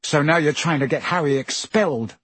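A man's voice: a little high, moderate pace, fairly bright tone, husky, dry recording. A male narrator voicing a stubborn, hot-tempered teenage boy who talks bluntly and grumbles. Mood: angry.

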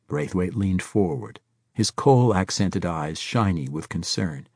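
Audiobook narrator, male, low and husky, lively pitch, dry close recording. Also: unhurried, no echo.

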